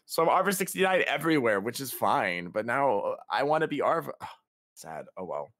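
A young man co-hosting a casual podcast, playful and given to mock self-pity. His pitch leaps around animatedly, and the close mic sounds dry. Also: sing-song, normal speed, a bit bright, no echo. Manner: playful, whiny self-pity, laughs often. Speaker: podcast co-host.

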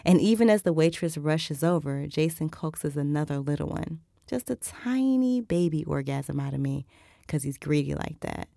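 Audiobook narrator, female, low gravelly voice, dry close sound, intimate erotic reading. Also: animated, moderate pace, warm tone, no room sound. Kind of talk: first-person erotic fiction narration.

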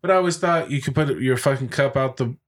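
A man's voice: medium pitch, fast talker. An American man co-hosting a podcast, chatting casually in a rambling way, with lots of fillers and swearing. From United States. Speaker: podcast co-host. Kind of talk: casual chat.

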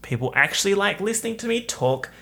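A young man hosting his own podcast, talking casually in a chatty, campy, animated way. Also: high-pitched, fast talker, creaky. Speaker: podcast host. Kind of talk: casual solo podcast chat.

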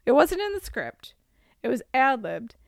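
A young woman co-hosting a podcast, casually retelling a story in a lively way and slipping into quick silly voices. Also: sits high, creaky, no room sound, studio quality. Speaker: podcast co-host. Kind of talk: casual chat recapping a story.

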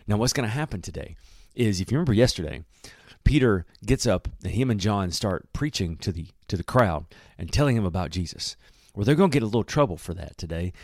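A man's voice: lowish voice, a little mellow, dry recording, clean studio sound. A man reading scripture aloud and commenting on it in an enthusiastic, conversational way. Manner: enthusiastic, conversational, laughs often. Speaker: Bible teacher.

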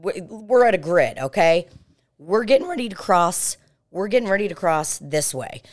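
A woman with a fairly low voice tells a story on a podcast. Her delivery is casual and animated, and she swears freely. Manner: animated and profane. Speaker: podcast host.

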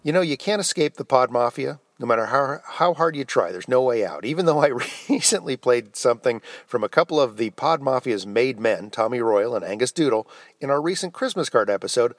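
A man's voice: medium pitch, no echo, studio quality. A man hosting a podcast, introducing clips in a wry, chatty way. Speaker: podcast host.

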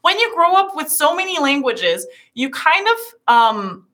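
A woman's voice: high voice, very animated, unhurried, pushed and bright. A woman with a European accent whose first languages are Portuguese and German, chatting earnestly and self-deprecatingly as an interview guest, often restarting her sentences. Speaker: streamer and musician guest. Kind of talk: casual interview chat.

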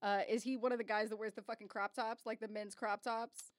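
A young woman co-hosting a tabletop game podcast, animated and swearing freely as she builds a character. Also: on the high side, fairly quick. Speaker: podcast co-host. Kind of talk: casual tabletop chat.

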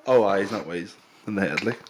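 A man's voice: deep voice, a little fast, a little hiss or hum. A man, co-hosting a podcast in casual, teasing banter and swearing freely. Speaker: podcast co-host.

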